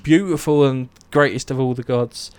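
A young man casually retelling myths, animated, swearing and acting out the characters' lines. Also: medium pitch, moderate pace, clean tone. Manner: animated storytelling, swears, acts out quotes. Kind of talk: casual chat.

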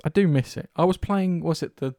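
A man's voice: fairly high pitch, brisk, no echo, studio quality. Sweary rambling man. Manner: rambling, swears often, animated storytelling. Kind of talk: casual chat about games.

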